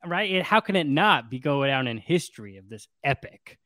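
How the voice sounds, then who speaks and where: A man hosting a casual podcast about a book, retelling it in an animated way and laughing often. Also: mid-range voice, moderate pace, no echo. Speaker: podcast host.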